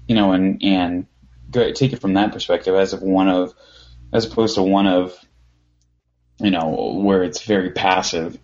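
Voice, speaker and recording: A man's voice: sits low, steady tone, moderate pace, a little mellow, muffled recording. A man chatting casually as a podcast co-host, rambling through a story with lots of fillers and restarts. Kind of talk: casual chat.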